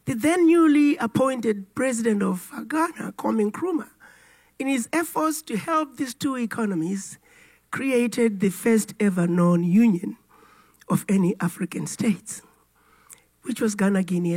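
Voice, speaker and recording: A middle-aged woman with a raspy, hoarse voice from a cold, giving a formal public speech in a deliberate, emphatic way. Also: fairly high pitch, darkish tone. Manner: deliberate, emphatic storytelling delivery. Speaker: keynote speaker.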